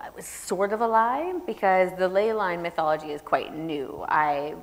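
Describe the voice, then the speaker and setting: A woman author talking energetically onstage, laughing often, then reading her own prose aloud to an audience in an opera house. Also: low voice. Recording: long reverb of a large hall.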